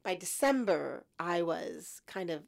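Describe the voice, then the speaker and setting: Low gravelly-voiced woman storyteller. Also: a little slow. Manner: reflective, animated in quoted thoughts. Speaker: guest. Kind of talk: storytelling in an interview.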